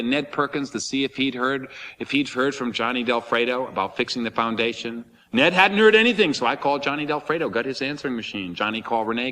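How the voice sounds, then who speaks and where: A man performing a theatrical storytelling monologue, animated and breathless, slipping into comic voices. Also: on the high side, big-room sound, a little hiss or hum.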